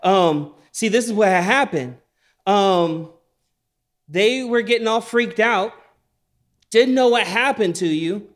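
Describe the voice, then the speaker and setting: A man's voice: sits high, lively intonation, slow pace, pauses often. Dude doing a sheepish nervous guy, um, well, fumbling his excuses. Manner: hesitant, stammering, full of ums. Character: nervous man making lame excuses.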